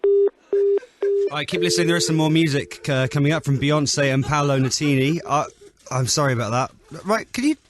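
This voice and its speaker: A man's voice: a little high, fairly quick. A man hosting a radio show, chatting in a teasing, casual way. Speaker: radio host.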